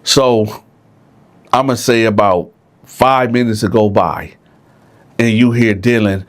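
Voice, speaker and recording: A man's voice: lowish voice, steady tone, slow, pauses often. A man telling a jail story casually, often checking in with the listeners. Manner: conversational, frequent "right?", addresses listeners.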